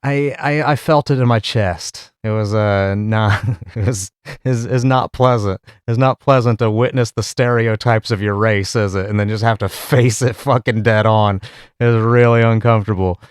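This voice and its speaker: A man's voice: lowish voice, fairly even intonation, normal speed, clear, resonant tone, no room sound, clean studio sound. A man hosting a comedy commentary show, talking casually with lots of profanity and laughter. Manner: crude, profane, laughing often. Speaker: podcast host.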